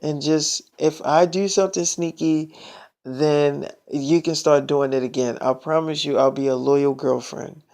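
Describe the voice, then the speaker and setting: A man's voice: on the high side, fairly even intonation, a little slow. A man putting on a pleading lovesick girlfriend. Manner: soft, pleading, repeats his name.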